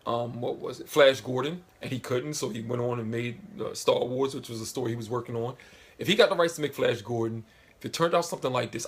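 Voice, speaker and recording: Husky-voiced man reviewing casually. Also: mid-range voice, fairly bright tone. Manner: rambling, lots of filler phrases. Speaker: movie reviewer.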